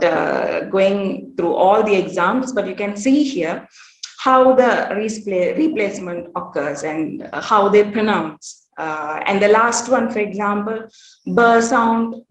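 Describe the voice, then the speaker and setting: Lady giving a conference talk, medium pitch, says each example word twice, echoey room. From South India. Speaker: workshop presenter. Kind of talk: conference presentation. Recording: roomy echo.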